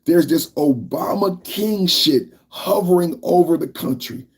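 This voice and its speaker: A man's voice: on the high side, a little slow, husky. A man hosting a political podcast livestream, ranting in a loose, repetitive way and talking to his chat. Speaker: podcast host.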